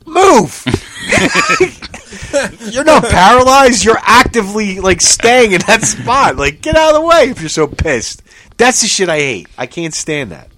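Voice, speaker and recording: His voice is high and moderately paced, with slight background noise. The man co-hosts a casual podcast chat, spinning profane, animated stories punctuated by laughter and disbelieving outbursts.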